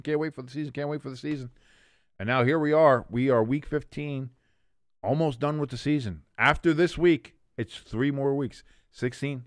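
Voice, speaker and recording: A man hosting a casual sports preview, running through his picks in an animated, jokey, chatty way. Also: mid-range voice, no room sound, studio quality. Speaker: sports show host.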